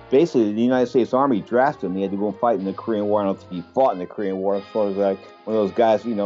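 A man's voice: mid-range voice, dark tone, dull audio. A man hosting a radio sports show, rambling chattily with frequent exclamations. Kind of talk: casual radio talk.

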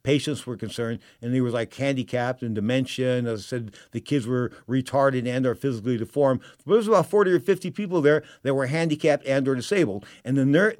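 A middle-aged man from San Francisco hosting a talk radio show, telling stories in an emotional, animated way with repeated phrases. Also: fairly high pitch, no room sound, studio quality. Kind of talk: storytelling talk radio monologue.

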